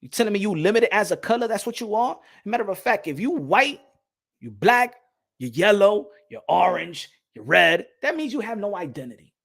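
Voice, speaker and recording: A man's voice: high voice, very animated, normal speed, vocal fry, a bit bright. A man hosting a boxing channel, giving a heated, profane opinion rant to camera and often repeating himself.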